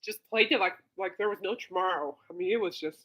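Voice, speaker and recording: A woman's voice: fairly low pitch, quick pace, fairly bright tone. A woman hosting a casual solo podcast, gushing and rambling with many fillers, breaking into coughing fits. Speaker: podcast host.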